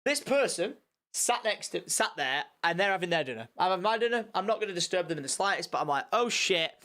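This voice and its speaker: A young man telling a story on a live stream, animated and rambling, with swearing and many restarts. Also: high-pitched, fast talker.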